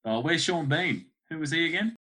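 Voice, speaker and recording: A man's voice: fairly high pitch, expressive, moderate pace, sharp tone. A man co-hosting a podcast, chiming in with jokey asides and laughs. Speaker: podcast co-host. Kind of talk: casual chat.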